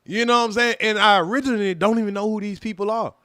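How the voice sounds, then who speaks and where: Man, high voice, dry and close, tells a story animatedly with lots of cursing. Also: quick pace, no room sound. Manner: animated, profane, acts out quoted voices loudly. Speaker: livestream host telling a personal story. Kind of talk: casual livestream storytelling.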